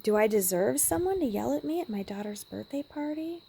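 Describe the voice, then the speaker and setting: Woman vlogger, gravelly and warm-toned, emotional storyteller who slips into whispers. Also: on the high side, animated, a little fast. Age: adult parent. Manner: emotional, drops to a hushed whisper at times. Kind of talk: personal storytelling vlog.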